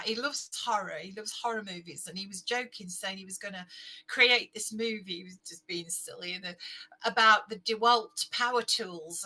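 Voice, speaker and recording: A woman's voice: medium pitch, sharp tone, poor audio. A middle-aged woman, a guest on an interview, chatting casually and telling stories. She laughs often and acts out what people said. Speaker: interview guest, fanfiction author.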